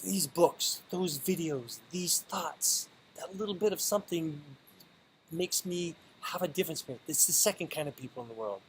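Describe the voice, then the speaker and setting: A man's voice: on the high side, moderate pace, slight background noise, poor audio. A man talking straight to camera in a motivational vlog, earnest and stumbling, often repeating and restarting his words. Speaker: vlogger. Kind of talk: motivational monologue.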